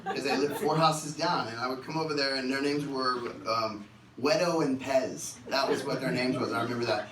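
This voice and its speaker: A man's voice: medium pitch, normal speed, noisy background. A man telling funny stories on stage between songs at a concert, acting out voices as he goes. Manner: animated, joking, acts out voices. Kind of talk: live storytelling between songs. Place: concert venue. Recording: echoey live room from a distance.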